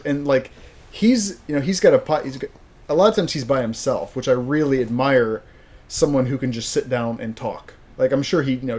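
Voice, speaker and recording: A man's voice: mid-range voice, a little mellow. A man guesting on a podcast, talking casually with frequent restarts about sports and travel. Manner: halting, restarts often, enthusiastic sports fan. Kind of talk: casual chat.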